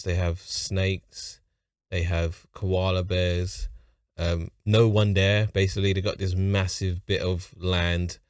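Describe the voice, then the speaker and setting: A man's voice: low-pitched, smooth, dry recording, studio quality. A man with a London accent hosting a reaction video, talking in a rambling, offhand way and chuckling at his own remarks. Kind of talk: casual reaction commentary.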